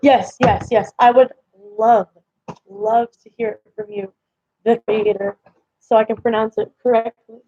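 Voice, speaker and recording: Young woman, stream host, rambling casual chat at home, a bit high-pitched, slightly dull lo-fi mic audio. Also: fairly even intonation, measured pace, dark tone, no echo. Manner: chatty, rambling, lots of fillers. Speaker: livestream host.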